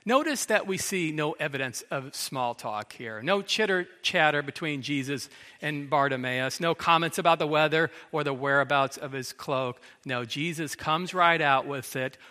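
Bright-voiced preacher in an echoing hall. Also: male voice, a little high, normal speed. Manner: dramatic storytelling, acts out quotes. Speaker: pastor. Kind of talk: sermon. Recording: long hall reverb.

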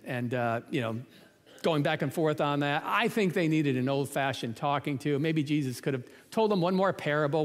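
Conversational man preaching in an echoing hall. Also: fairly high pitch. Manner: conversational, humorous, full of rhetorical questions. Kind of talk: sermon.

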